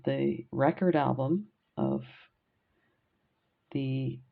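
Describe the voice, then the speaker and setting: A woman from Canada rambles through her stories as she beads and laughs easily. She speaks slowly, and her voice has a gravelly fry. The recording sounds dull and lo-fi. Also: rumbling low. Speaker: beading vlogger. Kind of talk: casual storytelling while beading.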